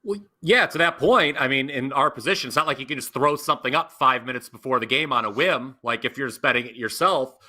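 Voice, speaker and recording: A man on a sports betting panel with a very bright, sharp tone at a middle pitch. He talks in an easy, conversational way and sounds amused. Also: quick pace, hardly any pauses. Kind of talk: casual panel talk.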